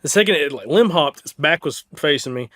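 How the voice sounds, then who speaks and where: A young man with a Southern US accent, co-hosting a casual chat and telling a hunting story in an animated way, full of "like" and restarts. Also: a little high, fairly quick. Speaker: podcast co-host.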